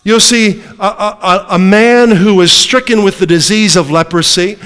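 A man's voice: high voice, normal speed, fairly bright tone, smooth, long reverb tail. A man preaching a sermon to a congregation, emphatic and throwing rhetorical questions at his listeners.

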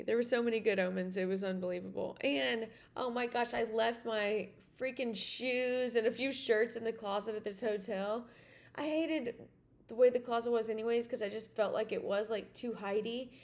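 A podcast host with a creaky, mid-range voice tells a rambling, casual story. She's chatty, restarts often, and uses "like" and "you know" constantly.

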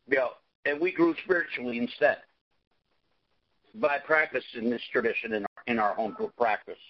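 A man sharing in a group discussion, halting, with many fillers and frequent "okay?" check-ins. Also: medium pitch, a little hiss or hum. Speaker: recovery meeting participant. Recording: dull lo-fi audio.

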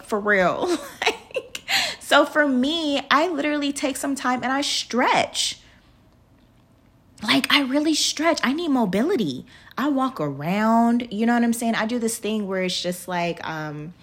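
A woman's voice: on the high side, a bit bright. A woman in her thirties hosting a podcast, talking casually and motivationally, chatty, laughing often and calling her listeners y'all. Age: 30s. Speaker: podcast host.

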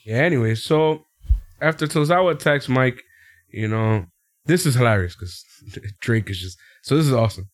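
In a clean, echo-free studio recording, a podcast co-host talks through a wrestling show at a moderate pace. His casual delivery is animated, full of laughter, with quotes acted out in high voices.

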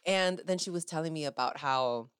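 Low-voiced woman gushing about a fan meetup. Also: moderate pace, clean tone, no echo, studio quality. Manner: gushing, animated storytelling with acted-out quotes. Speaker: podcast host. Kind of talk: casual chat.

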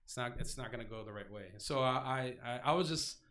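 A man working as a DJ, telling a story in casual chat with emphatic, animated retelling, swearing and restarts. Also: medium pitch, brisk.

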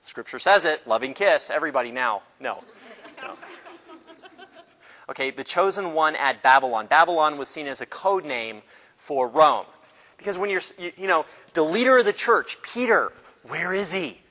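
A man teaching an informal Bible study class, animated and joking, acting out the people in the stories. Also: on the high side, moderate pace, long reverb tail. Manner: animated, jokey, acts out voices of people in the story.

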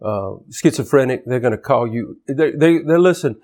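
A man's voice: mid-range voice, animated, moderate pace, darkish tone. A man preaching a sermon in an emphatic style, often repeating words and restarting phrases. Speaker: pastor.

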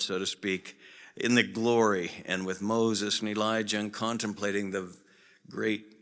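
A man's voice: fairly low pitch, pushed and bright. A man preaching a sermon as pastor, earnest and conversational, rising to emphatic passages. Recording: long church reverb.

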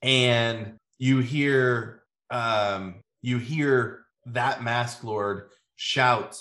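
A man's voice: mid-range voice, takes it slowly, few pauses. Game master man in an echoey room. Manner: calm storyteller, frequent ums. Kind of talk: narrating a tabletop game.

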